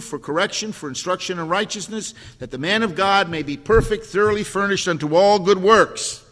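A man's voice: high voice, fairly bright tone. An older man preaching a sermon, emphatic, repeating key words and asking the congregation questions. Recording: long hall reverb.

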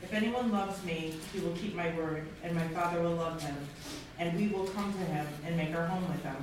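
A woman's voice: lowish voice, moderate pace, background noise. A woman in a Bible study group reading scripture aloud, somewhat hesitant. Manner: hesitant, reads verses aloud. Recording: echoey, distant from the mic.

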